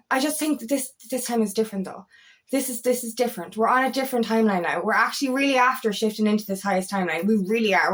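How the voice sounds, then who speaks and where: An Irish woman with a Kerry lilt delivers a casual spiritual pep talk in a slightly high voice. She gets fired up, swears freely, and keeps apologizing for it. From Ireland. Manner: passionate, swears often, apologizes and laughs. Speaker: feminine empowerment coach. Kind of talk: casual spiritual vlog monologue.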